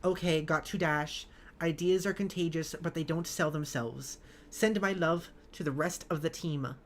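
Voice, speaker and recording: A woman voicing a brisk, teasing female character in a put-on British accent, speaking slowly and stressing her consonants heavily. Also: deep voice, a little hiss or hum, natural voice.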